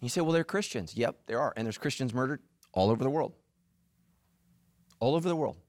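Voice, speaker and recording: A man's voice: mid-range voice, fairly quick, no echo. A middle-aged man preaching a humorous sermon, acting out voices and quotes as he tells stories. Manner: animated, acts out voices and quotes. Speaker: pastor.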